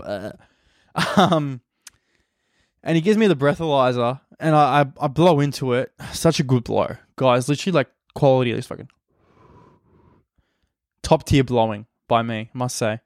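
A man's voice: mid-range voice, moderate pace, long pauses, dry recording. A young Australian man hosting a podcast, rambling crudely and self-deprecatingly in a casual comic monologue on a close mic. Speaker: podcast host.

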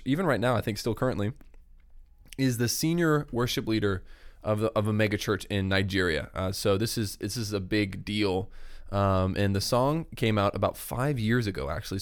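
A man's voice: fairly low pitch, no echo, clean studio sound. A man hosting a casual discussion about worship songs, chatty with frequent restarts. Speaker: worship podcast host.

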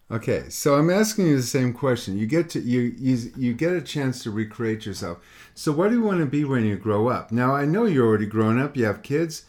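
A man's voice: medium pitch, animated, brisk, a little mellow. A middle-aged man giving an earnest motivational monologue to a listener, repeating his questions and acting out quoted voices.

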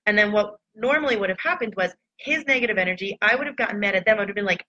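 Bright-voiced woman talking candidly. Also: a little high, expressive, fast, few pauses. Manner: candid, reflective, loose storytelling. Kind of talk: casual personal talk to followers. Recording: dull lo-fi recording.

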